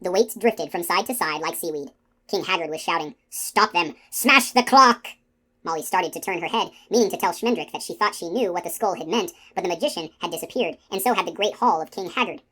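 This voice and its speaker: A woman reading a fantasy novel aloud in a soft, hushed storytelling manner. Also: on the low side, fast talker, breathy edge. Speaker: audiobook reader. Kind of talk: audiobook narration.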